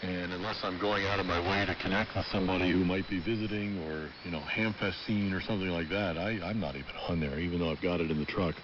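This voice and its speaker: Deep-voiced ham operator, easygoing and rambling, heard through muffled static-filled radio. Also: male voice, fairly even intonation, fast talker, few pauses. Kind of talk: casual on-air radio chat. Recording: muffled amateur radio audio, clear static.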